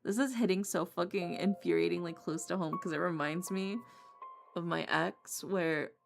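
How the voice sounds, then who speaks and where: Low, gravelly woman streamer. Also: moderate pace, over music. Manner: blunt and profane, laughs often. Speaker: streamer playing a visual novel. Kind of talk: reading game narration and casual chat.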